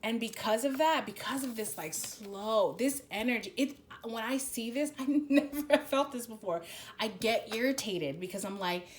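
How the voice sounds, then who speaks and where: A woman's voice: fairly high pitch, animated, moderate pace, a little hiss or hum. A woman doing a casual spoken tarot reading. She talks bluntly, swears freely and rambles with many restarts. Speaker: tarot reader.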